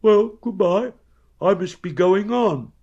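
A man voicing an anxious, plump, food-loving male teddy bear in a storybook reading, with a high, plaintive, drawn-out voice. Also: lively intonation, a little mellow, husky, muffled recording, heavily acted.

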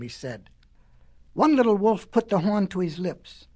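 A woman reading a children's story aloud in an expressive, folksy way. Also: medium pitch, a little slow, breathy edge.

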